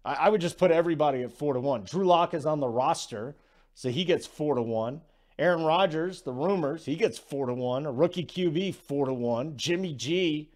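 A man's voice: a little high, a little mellow. Chatty sports betting host, man. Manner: conversational, self-deprecating, quick asides. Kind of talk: casual sports talk.

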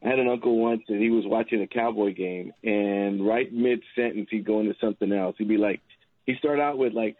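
Gravelly, husky male radio guest. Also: on the low side, quick pace, dry recording, muffled recording. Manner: rambling storyteller, laughs often, acts out family members. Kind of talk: casual talk radio chat.

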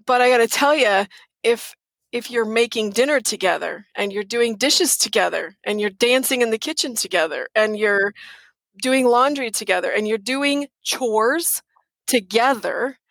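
A woman's voice: a little high, moderate pace, creaky, a bit bright, no room sound. A middle-aged woman speaking earnestly and emphatically as a guest in a casual interview, repeating words for stress.

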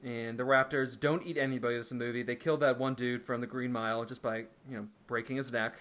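A man's voice: mid-range voice, steady tone, fairly quick, fairly bright tone. A man co-hosting a casual comedic movie podcast, recapping scenes and mocking the characters. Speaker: podcast co-host.

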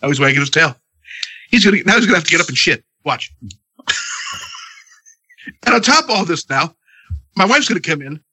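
A man's voice: fairly high pitch, sing-song, fairly quick, pauses often, sharp tone, husky. A congested man in his thirties ranting profanely about his night at home, as a podcast co-host. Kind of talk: casual chat.

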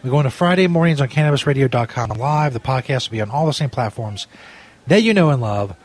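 A man's voice: medium pitch, lively intonation, fast. A man hosting a comedy podcast, ranting profanely as an exasperated broadcaster stuck in a bad spot. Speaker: comedy podcast host playing a frustrated sports broadcaster. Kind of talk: improvised comedy bit.

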